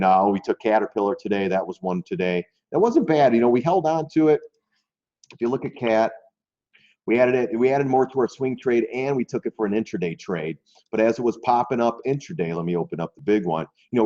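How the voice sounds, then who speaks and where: A man with a lowish, dark voice hosts a stock trading live stream, rambling loosely as he talks straight to his viewers and often repeats words. It's casual commentary, and the stream audio is dull and lo-fi.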